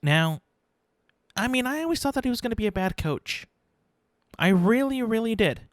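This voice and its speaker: A man hosting his own podcast, rambling in a casual, self-mocking way and slipping into quick mock voices. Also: very high-pitched, expressive, no echo, clean studio sound. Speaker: podcast host. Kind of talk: casual solo podcast rant.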